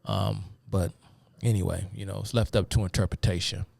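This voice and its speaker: Male host, casual lecturer who wanders and fills pauses; very low voice, dry close recording. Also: big pitch swings, gravelly, darkish tone, no room sound. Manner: rambling, many fillers, addresses viewers as y'all. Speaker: host of a live talk stream. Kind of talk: casual live-stream lecture.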